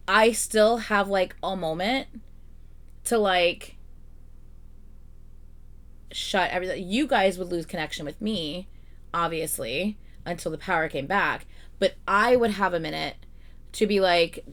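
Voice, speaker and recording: A woman's voice: fairly low pitch, measured pace, pauses often, a bit bright. A young woman streaming from home in casual chat, swearing freely and ranting in a rambling, exasperated way.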